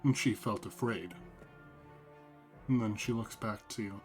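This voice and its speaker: A man narrates a tabletop role-playing session as game master. His delivery is slow and halting as he paints each scene. Soft music plays faintly behind him. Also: lowish voice.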